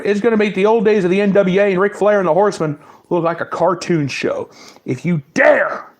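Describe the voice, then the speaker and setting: A man hosting his own sports podcast, taunting and repeating himself in a fiery solo rant. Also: sits high. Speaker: podcast host.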